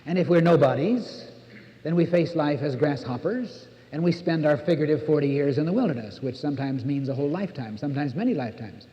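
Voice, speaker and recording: A man's voice: a little high, expressive, fairly quick, warm tone. An older American man giving an earnest sermon as a minister, repeating words for emphasis. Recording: dull old cassette recording in a reverberant hall.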